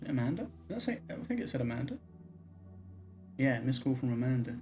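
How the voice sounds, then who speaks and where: A man streaming a video game, casually commenting and reading in-game text messages aloud in a low, subdued voice. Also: big pitch swings, brisk, dark tone, soft background music. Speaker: livestreamer. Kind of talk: casual let's-play commentary.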